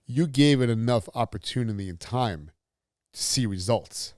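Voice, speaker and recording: A man's voice: medium pitch, animated, a little mellow, no room sound, studio quality. A man who is a guest on a podcast, chiming in with short, agreeing remarks. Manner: brief supportive interjections, quick agreeing. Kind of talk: casual interview chat.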